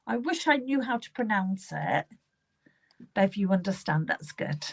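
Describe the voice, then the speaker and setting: A woman's voice: medium pitch, animated, normal speed. A woman medium with a British accent, giving live card readings in a reassuring, repetitive way, often repeating the client's name. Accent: British English. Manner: warm, reassuring, repeats names and phrases while drawing cards.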